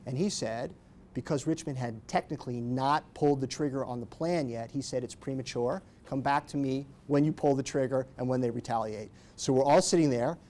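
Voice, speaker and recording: Man, middle-aged, attorney, seminar talk, animated storytelling, acts out quotes. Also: medium pitch, a little fast, slight background noise. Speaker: attorney speaking at a training seminar.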